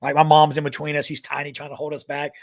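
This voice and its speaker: Swapping animated, profane stories on a podcast he co-hosts, a thirtysomething army veteran laughs often. His voice is a little high and he's a fast talker, recorded with no echo.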